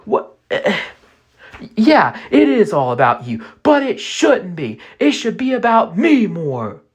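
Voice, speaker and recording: A man voicing an unhappy young wife in a spoken story, raising his voice high for her exasperated pleading. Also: huge pitch swings, slow pace, heavily acted.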